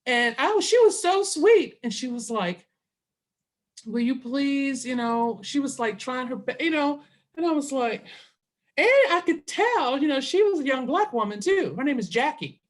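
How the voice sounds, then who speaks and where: A woman's voice: sits high, normal speed. A middle-aged woman telling a long story in a casual interview, acting out both sides of the conversation. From Southern US. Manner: animated, quotes herself and others in dialogue.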